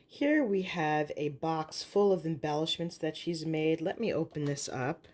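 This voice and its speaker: Mellow-voiced woman gushing over craft supplies. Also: sits low, a little slow. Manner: gushing, upbeat, lists items one by one. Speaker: craft YouTuber. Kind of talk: craft haul show-and-tell.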